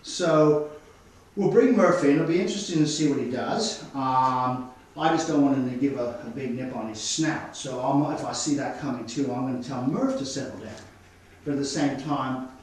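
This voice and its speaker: A man's voice: medium pitch, normal speed. Australian man dog trainer, echoey and distant. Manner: instructive, calm commands to dogs. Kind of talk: explaining while demonstrating. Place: studio. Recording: echoey room, mic at a distance.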